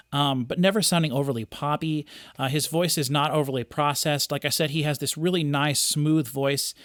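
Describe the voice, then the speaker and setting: A man's voice: mid-range voice, fairly bright tone, dry recording. Guy rambling happily about albums, lots of um and restarts, dry close mic. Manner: enthusiastic, rambling with many restarts and fillers. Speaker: music reaction host, audio engineer. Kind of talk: casual unscripted commentary.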